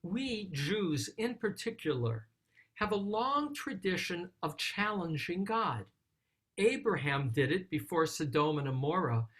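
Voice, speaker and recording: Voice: mid-range voice, expressive, a little slow, a bit bright, husky. A rabbi giving a Psalm study talk, reciting Hebrew verses and then translating them in a thoughtful, explaining way.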